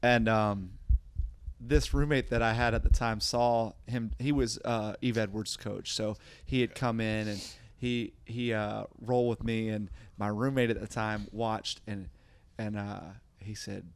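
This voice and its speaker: A man's voice: fairly low pitch, steady tone, unhurried, smooth. A man who coaches jiu-jitsu and hosts a podcast, explaining his teaching in casual chat and often repeating words as he thinks.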